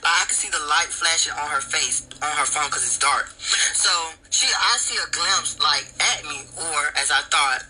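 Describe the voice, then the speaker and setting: A man telling a story in a casual, profane and animated way, acting out the lines of the people in it. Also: on the high side, moderate pace, faint music behind, low-quality recording. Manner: profane, animated retelling with quoted dialogue.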